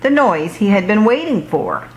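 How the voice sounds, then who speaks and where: A woman reading a children's book aloud in a slow, expressive storytelling voice. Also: mid-range voice, dull audio, slight background noise.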